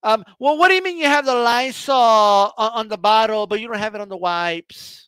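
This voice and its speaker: A man's voice: high voice, normal speed, sharp tone, smooth, no echo. A man putting on the voice of an entitled, demanding woman shopper who keeps insisting on the manager. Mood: whiny.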